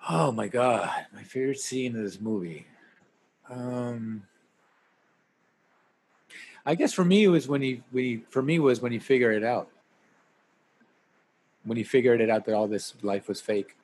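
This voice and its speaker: A man chatting casually about a movie, relaxed and rambling, with a slightly husky voice. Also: mid-range voice, a little slow, pauses often. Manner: relaxed, rambling, many fillers.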